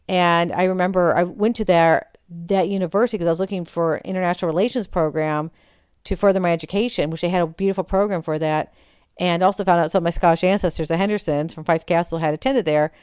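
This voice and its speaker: A woman in her forties telling a rambling personal story in casual chat, often stopping to correct herself and turning animated. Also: on the low side, fast talker, smooth, no echo, clean studio sound. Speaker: vlogger.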